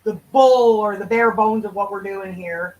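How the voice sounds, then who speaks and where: A woman's voice: mid-range voice, moderate pace, a little mellow, recorded from a distance, dull audio. A woman hosting a livestream in casual chat, answering viewers' comments in a loose, profane, bantering way. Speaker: livestream host.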